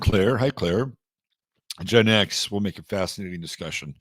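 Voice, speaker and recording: On his astrology livestream, a middle-aged Texan speaks on the low side at a moderate pace, chatting loosely and naming viewers as he greets them. The sound is clean studio audio with no echo.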